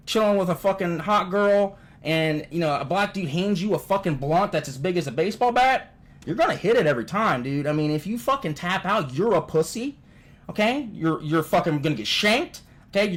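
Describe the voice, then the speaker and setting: A man vlogging from home, telling rambling stories full of swearing and constant "dude"s. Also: on the high side. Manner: animated, swears constantly, says "dude" often. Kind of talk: profane casual storytelling.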